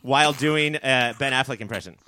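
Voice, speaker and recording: A man's voice: medium pitch, fairly quick, a little hiss or hum. A man hosting a comedy podcast, setting up absurd bits in a playful way. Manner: playful, deadpan setups. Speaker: host.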